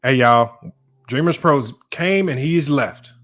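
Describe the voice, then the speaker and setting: A man's voice: medium pitch, slow, fairly bright tone. A young man hosting a sports debate livestream, riffing casually and joking as he talks straight at his viewers. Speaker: sports show host.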